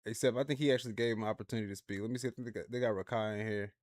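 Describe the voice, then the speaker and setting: A man hosting a livestream, reacting to clips in casual, slangy, animated commentary. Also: lowish voice, very fast, dry recording, studio quality.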